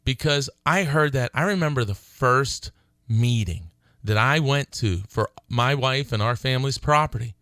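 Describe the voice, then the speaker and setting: A middle-aged man hosting his own radio talk show, speaking earnestly and growing excited as he urges listeners to call. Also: mid-range voice, normal speed, dry recording. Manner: earnest, excitable, laughs between phrases. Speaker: attorney and radio show host.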